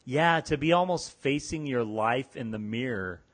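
A man's voice: medium pitch, lively intonation, normal speed. A man hosting a podcast interview, supportive with short affirmations and reflective comments. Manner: reflective, speaks of working with young people. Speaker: podcast host. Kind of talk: casual interview chat.

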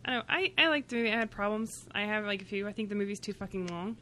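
A woman's voice: mid-range voice, rapid-fire, bright, forceful tone. A woman co-hosting a casual podcast chat, blunt and swearing, sitting a bit far from the mic. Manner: blunt, swearing, laughs often. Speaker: podcast co-host. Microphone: too far from the mic.

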